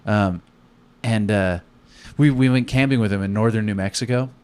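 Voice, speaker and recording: A young man, a comedian co-hosting a podcast, telling profane stories in casual chat and acting out quotes loudly. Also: fairly low pitch, normal speed, clear, resonant tone.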